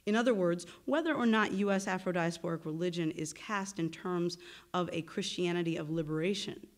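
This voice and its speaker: A woman lecturing at a university, reading a formal academic paper in a measured way with occasional self-corrections. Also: on the low side. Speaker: visiting lecturer and research associate. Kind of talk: academic lecture read from a prepared text.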